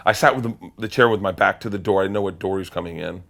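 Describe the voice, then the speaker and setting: A man, a comedian guest in an interview, telling a long, profane story in a rambling, animated way and laughing at himself. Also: sits low, rapid-fire, vocal fry.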